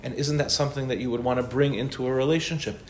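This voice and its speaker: Casting note: male rabbi, chatty teaching tone, mid pitch, echoey room with faint hiss. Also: steady tone, fast, darkish tone. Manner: conversational, with Hebrew and Yiddish terms. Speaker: rabbi answering questions. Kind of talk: informal Torah class. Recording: roomy echo with faint noise.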